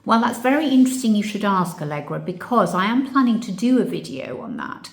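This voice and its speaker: A woman's voice: mid-range voice, lively intonation, brisk, creaky. A woman vlogger answering viewer questions in a casual, reflective chat that turns emotional. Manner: warm, reflective, gets emotional. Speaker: channel host. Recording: echoey room.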